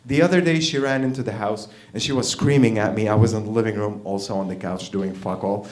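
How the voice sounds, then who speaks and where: A man's voice: on the low side, fast talker, darkish tone. Profane man doing stand-up in a roomy club. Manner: profane, acts out both sides of dialogue. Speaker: stand-up comedian. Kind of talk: stand-up set. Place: comedy club stage. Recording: roomy live club sound.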